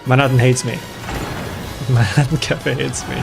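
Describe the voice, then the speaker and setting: A man's voice: mid-range voice, fairly even intonation, moderate pace, gravelly, long pauses, music in the background. A man streaming a game, chatting casually and reacting with dramatic, self-mocking exclamations and frequent laughs. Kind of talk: casual gaming livestream chat.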